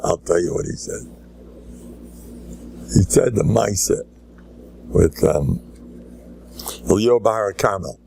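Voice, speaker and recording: Older man, rabbi, american lakewood accent, gravelly, joking, animated lecture. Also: on the low side, slow pace, pauses often. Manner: joking, animated, mixes Yiddish and Hebrew words. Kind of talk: humorous Torah lecture.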